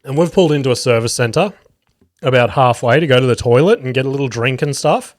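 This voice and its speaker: An Australian man in his thirties, a comedian, rambles casually on his solo podcast in a medium-pitched, expressive voice, talking fast. He swears freely and fills his speech with ums and likes. The studio-quality audio has no echo.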